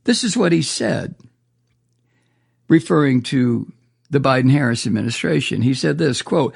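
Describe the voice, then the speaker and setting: Raspy, gravelly man ranting indignantly. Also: medium pitch, expressive, moderate pace, long pauses, darkish tone. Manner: indignant, profane ranting with repeated stumbles. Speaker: talk radio host. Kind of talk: political commentary monologue.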